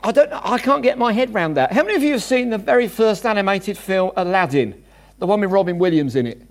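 A male preacher with a high, bright voice that leaps all over the place as he talks. He jokes with the congregation and shifts from loud bursts to quiet, hushed asides. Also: fast talker. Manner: animated, jokey, swings between loud bursts and hushed asides. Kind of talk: sermon.

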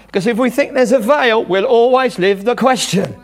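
A man preaching a sermon to a congregation, animated and jokey, swinging from loud bursts to hushed asides. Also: very high voice, normal speed.

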